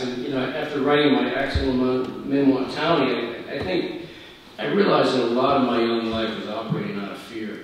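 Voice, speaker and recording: A man's voice: mid-range voice, brisk. A man, an author taking audience questions after a reading, talking candidly and chatting with a frequent laugh. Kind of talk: casual talk after a reading. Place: festival hall. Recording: echoey hall from far off.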